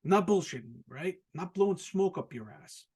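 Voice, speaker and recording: A man's voice: high voice, expressive, normal speed, a little mellow, breathy edge. An American man hosting a casual solo podcast, rambling and profane, with an incredulous tone and frequent laughs at his own jokes. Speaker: podcast host. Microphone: podcast microphone, also filmed.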